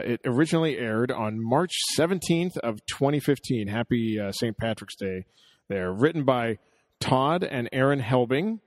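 Male co-host, mid-range voice, dry sound, animated and joking storyteller. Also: medium pitch, dry recording. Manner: jokey, chuckling, animated storyteller. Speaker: podcast co-host. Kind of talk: casual podcast chat.

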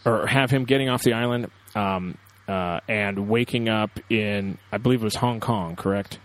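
A man's voice: fairly low pitch, normal speed, a bit bright. A man co-hosting a casual podcast chat, talking with frequent fillers and hesitations. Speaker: podcast co-host.

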